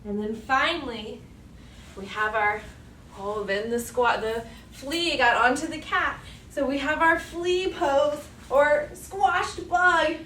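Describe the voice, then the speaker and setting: A woman teaching a children's yoga lesson, reading a story aloud and guiding poses with animated, playful cries. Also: high-pitched, slow, slight background noise. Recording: echoey room, voice from far off.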